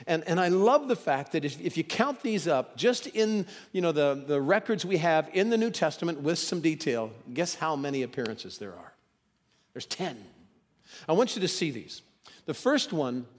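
A man preaching a sermon, moving between loud emphasis and hushed, dramatic quotes. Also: on the high side, big-room sound.

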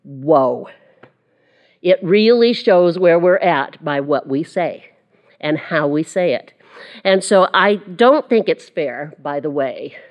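A woman's voice: deep voice, animated, takes it slowly, dull audio. A woman teaching a church Bible lesson in a chatty, self-deprecating way, with frequent laughter. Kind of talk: casual teaching to a class.

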